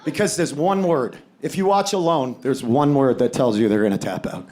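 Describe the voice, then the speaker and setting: A man from the United States performing a stand-up comedy set, telling stories loudly and shouting suddenly at times. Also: medium pitch, normal speed. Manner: loud, animated storytelling with sudden shouts. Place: live comedy venue with audience. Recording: live show with crowd noise.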